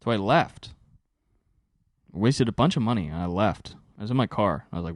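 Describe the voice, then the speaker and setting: A young man hosts his own podcast and tells a rambling story, animated and exasperated, with plenty of swearing. His voice sits fairly low but jumps all over in pitch. The sound is close and dry, with no room around it. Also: moderate pace, no room sound. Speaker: podcast host. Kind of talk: solo storytelling monologue.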